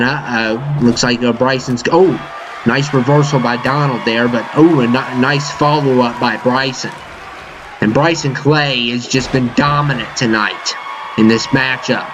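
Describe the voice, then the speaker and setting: A man doing casual, excitable play-by-play commentary over a wrestling video game, full of fillers and "uh-oh" exclamations. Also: mid-range voice. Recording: dull lo-fi mic with game crowd and noise behind. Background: video game arena crowd noise.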